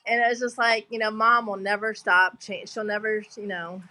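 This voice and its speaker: A woman's voice: mid-range voice, fairly even intonation, normal speed, sharp tone, poor audio. Heartfelt woman on a call. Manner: heartfelt, rambling with many restarts. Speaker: guest. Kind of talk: emotional casual chat. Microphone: video call.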